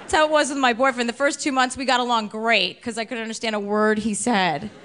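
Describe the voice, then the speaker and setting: This stand-up comedian speaks at a fairly high pitch with fairly even intonation, a fairly quick pace, and a slightly bright tone. Performing into a stage mic at a comedy club with a live audience, she is blunt and mocking. Faint crowd sound and noise come through the live recording.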